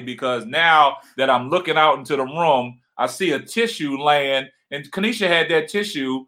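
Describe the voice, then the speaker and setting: Man co-hosting a home livestream; deep, loud, passionate delivery with a bright edge. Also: moderate pace, hardly any pauses. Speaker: livestream co-host. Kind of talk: casual livestream chat.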